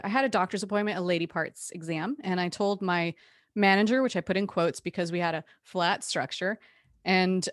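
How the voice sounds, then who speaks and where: A woman guest telling a personal story candidly, animated and frank, with restarts and the odd curse word. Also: on the low side, no echo, clean studio sound.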